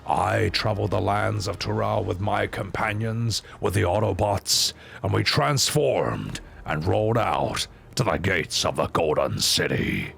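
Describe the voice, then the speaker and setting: Deep gravelly old lizard king w two heads, slow and grand, low voice, game music faint in back. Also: expressive, a bit bright, heavily acted. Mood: commanding. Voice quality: deep gravelly movie-robot-hero voice.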